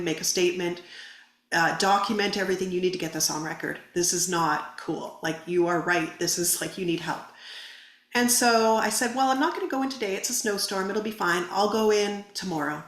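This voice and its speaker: A woman's voice: medium pitch, fairly bright tone. Earnest woman telling her story, roomy sound. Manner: earnest, vivid retelling with quoted dialogue. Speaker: podcast guest. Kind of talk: personal story in a podcast interview. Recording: roomy echo.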